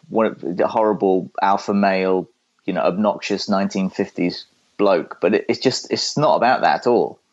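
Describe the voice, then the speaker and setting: Guy co-hosting, lowish voice, rambles and chuckles, kinda muffled mic. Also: darkish tone. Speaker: podcast co-host. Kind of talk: casual chat.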